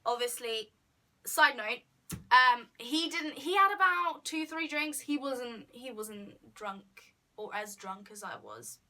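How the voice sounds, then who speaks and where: A young woman telling a storytime vlog in a chatty, animated way, acting out what people said. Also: on the high side, takes it slowly. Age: young adult. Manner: chatty, animated retelling with quoted asides. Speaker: vlogger. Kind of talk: casual storytime.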